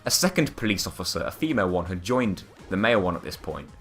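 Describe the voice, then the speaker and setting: A man's voice: low-pitched, very animated, fast talker, a bit bright, soft background music. A young man telling a funny anecdote in casual chat, laughing often and acting out the people he quotes. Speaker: podcast co-host. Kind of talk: casual storytelling.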